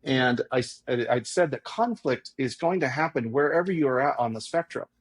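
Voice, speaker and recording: Husky-voiced male podcast host. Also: medium pitch, animated, fairly quick. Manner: thinks aloud with restarts, encouraging. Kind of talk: interview conversation.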